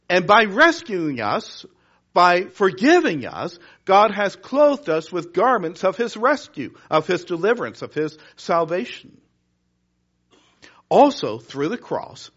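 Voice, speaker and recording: Slow, animated preaching man. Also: high-pitched, dull audio. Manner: emphatic, dropping to hushed near-whispers at times; slow, deliberate preaching with repetition. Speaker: pastor. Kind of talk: sermon.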